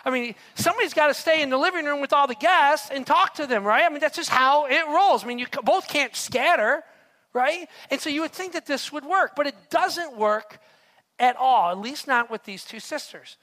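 A male pastor preaching a sermon, telling a story with lively rhetorical asides to his audience. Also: very high voice, normal speed.

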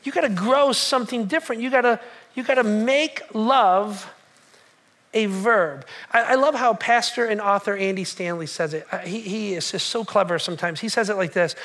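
A male pastor preaching a sermon in a church in an animated, repetitive way, with joking asides. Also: high voice, normal speed.

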